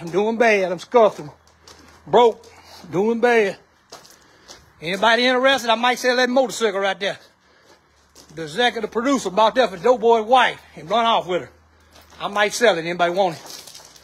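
A man's voice: sits high, moderate pace, pauses often, breathy edge. A man talking casually in a vlog outdoors. He calls out short directions and then hawks things for sale in a joking patter. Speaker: vlog host.

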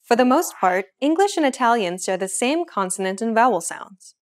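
A young adult woman hosting a language lesson, explaining in a clear, measured scripted way. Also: fairly high pitch, very animated.

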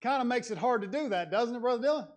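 A man's voice: extremely high pitch, lively intonation, fast. A man delivering a sermon in a church, earnest and conversational, building to emphatic passages. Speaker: lay preacher. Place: church sanctuary.

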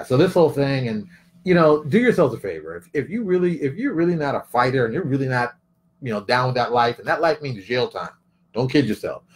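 A middle-aged man giving a casual opinion monologue, emphatic and animated, repeating phrases for effect. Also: medium pitch. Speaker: commentary vlogger.

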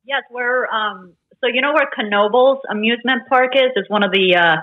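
A woman's voice: fairly high pitch, normal speed, narrow, tinny audio. A woman from Honduras, a podcast guest, speaking in an earnest way about her life and beliefs. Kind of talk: casual interview chat.

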